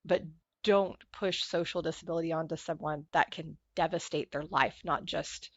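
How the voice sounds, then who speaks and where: Speaking in a deep voice at normal speed, a female podcast guest tells lively stories during a conversational interview, performing the quoted dialogue of others. The audio is lo-fi with no room sound.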